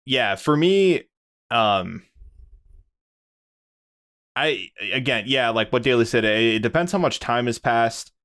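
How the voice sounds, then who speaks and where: A man's voice: medium pitch, lively intonation, slow pace, long pauses, a bit bright. A man co-hosting a podcast, talking casually and rambling with many restarts and fillers. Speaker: podcast co-host. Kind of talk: casual chat.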